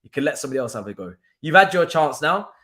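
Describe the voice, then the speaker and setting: A man's voice: fairly high pitch, big pitch swings, fast, sharp tone. Ranting young man, emphatic. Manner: emphatic, repetitive, laughing ranter. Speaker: football watchalong host. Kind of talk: casual ranting livestream chat.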